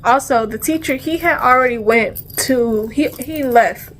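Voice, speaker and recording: A woman's voice: a little high, unhurried, a little hiss or hum. A woman telling a storytime vlog in casual slang, acting out the sounds and dialogue as she goes. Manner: animated, acts out sounds and dialogue; casual slang, repeats phrases. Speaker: vlogger.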